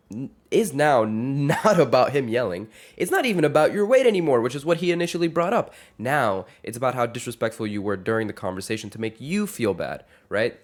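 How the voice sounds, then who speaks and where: Rambling young man ranting casually. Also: mid-range voice. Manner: rambling, self-correcting, wry. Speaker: vlogger. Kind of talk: casual rant to camera.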